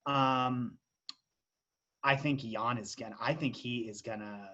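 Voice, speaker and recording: A man's voice: medium pitch, steady tone, takes it slowly, pushed and bright, dull audio. A man in a casual podcast chat about fight bets, talking loosely with frequent restarts and tangents. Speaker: podcast co-host. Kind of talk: casual sports betting chat.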